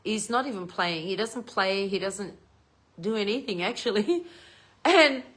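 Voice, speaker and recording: A woman's voice: medium pitch, animated, a little slow, fairly bright tone. A middle-aged woman with an Australian accent, telling a home story to her viewers in a chatty way and swearing freely. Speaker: vlogger.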